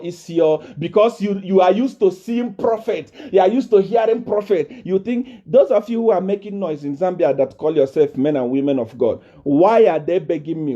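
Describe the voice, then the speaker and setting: A man from Nigeria, preaching to a congregation as a self-proclaimed prophet. He is boastful and defiant, repeats himself and rises to shouts. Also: sits high, muffled recording.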